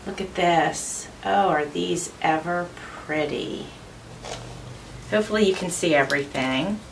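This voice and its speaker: A woman's voice: lowish voice, fairly bright tone, recorded from a distance, slight background noise. A woman hosting her own craft channel, chatting through an unboxing with gushing enthusiasm. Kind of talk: unboxing narration.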